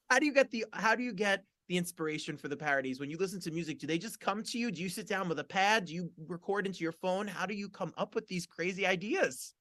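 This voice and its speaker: Effusive gushing talk show host. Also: male voice, sits high, fast, hardly any pauses, a bit bright, no room sound, clean studio sound. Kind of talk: casual chat.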